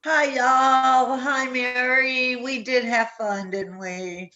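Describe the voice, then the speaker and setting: Woman, slow and sentimental, reminiscing on a video call. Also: high voice, fairly even intonation, bright, forceful tone, lo-fi sound. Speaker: former cast member.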